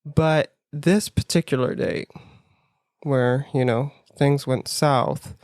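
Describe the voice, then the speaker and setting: A man's voice: mid-range voice, takes it slowly, no echo, clean studio sound. A man co-hosting a casual podcast, telling a dating story with lots of "like" and acting out his own reactions in quoted voices. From United States, near New York. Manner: animated, acts out his own lines in quotes; frequent "like" fillers, laughs through story. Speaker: podcast co-host.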